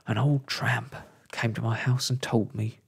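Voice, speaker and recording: A man voicing a flustered old male lizard in a soft-spoken ASMR storybook reading, with groaning, gasping exclamations. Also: mid-range voice, level tone, measured pace, creaky, husky, full character voice. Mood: fretful.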